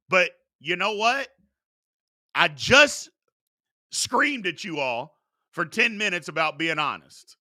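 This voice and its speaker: A man's voice: high voice, pushed and bright, no room sound, clean studio sound. A man hosting a sports talk show, ranting bluntly and emphatically, repeating his points for force. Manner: emphatic, repetitive, blunt and fired up. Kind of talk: opinionated sports talk rant.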